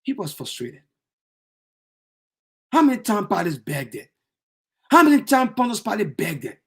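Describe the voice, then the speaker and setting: A man preaching an impassioned sermon, often bursting into shouts. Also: high-pitched, big pitch swings, normal speed, long pauses, slightly rough.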